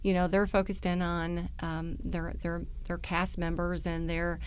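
Woman podcast host, smooth clear voice, agreeing and chatting along. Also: on the low side, completely flat delivery, unhurried. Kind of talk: casual podcast conversation.

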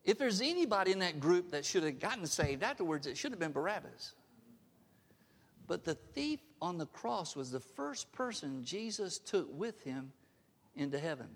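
A man's voice: high-pitched, sing-song, normal speed, long reverb tail. A male pastor preaching a sermon, emphatic, often asking the congregation questions. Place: church sanctuary.

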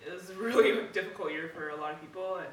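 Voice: medium pitch, quick pace. A podcast co-host chatting casually and hesitantly, with plenty of filler words. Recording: roomy, distant, with crowd noise.

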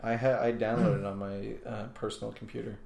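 Gravelly low man, roomy sound. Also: level tone, brisk, darkish tone. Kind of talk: casual chat. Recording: roomy echo.

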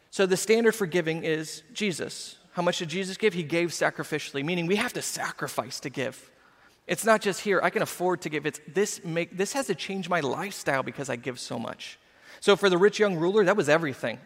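A male pastor preaching a sermon in an animated, emphatic way with conversational asides. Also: high voice, long reverb tail.

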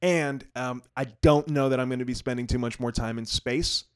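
A man chatting casually on a gaming podcast. He rambles, restarts his thoughts and pokes fun at himself, often breaking into laughter. His voice sits at an ordinary middle pitch. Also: moderate pace, clear, resonant tone. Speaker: podcast co-host.

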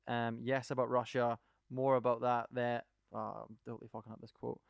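A man in casual podcast chat, eagerly recounting a story and wandering through the details. His voice is smooth and resonant, recorded dry and close with no room sound, at an ordinary middle pitch. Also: flat delivery, fairly quick, hardly any pauses, no echo. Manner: enthusiastic storyteller, rambling. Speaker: podcast co-host. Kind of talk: casual chat, retelling a documentary.

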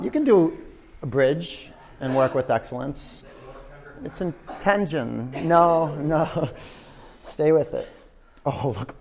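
Yoga guy in a studio, gravelly voice, jokey and encouraging while he counts. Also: fairly high pitch, dark tone. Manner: coaxing, playful, encouraging. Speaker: yoga instructor. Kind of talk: leading a class with counted holds.

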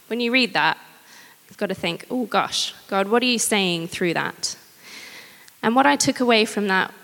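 A woman preaching a sermon, candid and personal, with gentle humor. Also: mid-range voice. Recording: long hall reverb.

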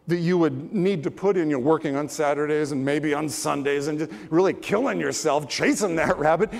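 Storytelling preacher in an echoing sanctuary. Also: male voice, on the high side. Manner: conversational storytelling with pauses and asides. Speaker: pastor. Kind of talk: sermon. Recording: long church-hall reverb.

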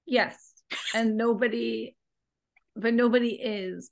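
A woman's voice: medium pitch, normal speed, a bit bright. A woman co-hosting a podcast in casual chat, self-deprecating and often laughing. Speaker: podcast co-host.

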